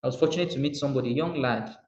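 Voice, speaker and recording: A Nigerian man giving a motivational coaching talk, animated and repetitive, acting out little dialogues as he speaks. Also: medium pitch, very fast. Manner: animated, acts out dialogue, repeats phrases. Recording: roomy muffled recording.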